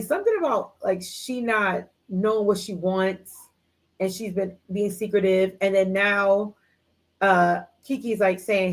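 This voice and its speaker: A woman hosts a live book club from her computer, recapping a story in loose, slangy chat. She acts out the characters' back-and-forth as she goes, and her voice sits at an ordinary middle pitch. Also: low-quality recording. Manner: animated storytelling, acts out characters' lines in quotes; slangy, chatty, many fillers like "like" and "um". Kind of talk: casual live book discussion.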